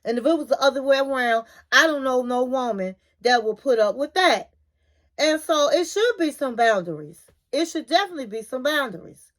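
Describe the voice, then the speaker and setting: A woman's voice: sits high, moderate pace. A woman with hosting a casual reality TV recap, animatedly retelling scenes and acting out what people said. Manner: animated retelling, acting out quotes, chatty asides.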